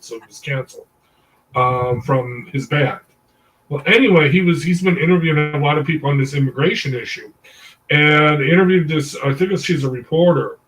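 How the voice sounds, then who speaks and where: A man's voice: mid-range voice, normal speed, fairly bright tone. A man leading a discussion group, telling a story in a rambling way, full of "um"s, stopping often to correct himself. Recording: voice distant from the mic.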